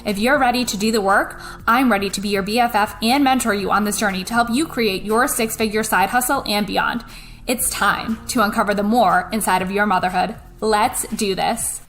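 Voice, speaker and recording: Woman, podcast host, chatty and upbeat, fairly high voice, home kitchen. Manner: chatty, upbeat, folksy with "y'all" and "sis". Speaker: podcast host and network marketing coach. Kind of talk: casual motivational podcast talk.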